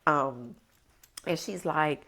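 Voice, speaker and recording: Low-voiced woman telling her story. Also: extremely slow. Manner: animated, emphatic storyteller. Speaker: podcast guest. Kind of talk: casual conversational storytelling.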